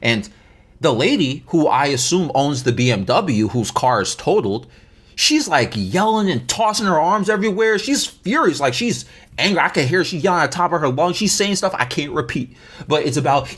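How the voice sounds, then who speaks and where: Man rambling through a story, lively pitch. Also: normal speed. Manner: rambling, stammering restarts, slangy. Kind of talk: casual story time.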